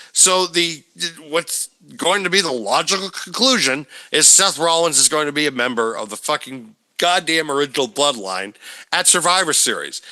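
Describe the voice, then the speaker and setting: A man's voice: on the high side, pushed and bright. A man co-hosting a casual podcast, ranting in exasperation and swearing freely. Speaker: podcast co-host. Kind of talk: casual wrestling chat.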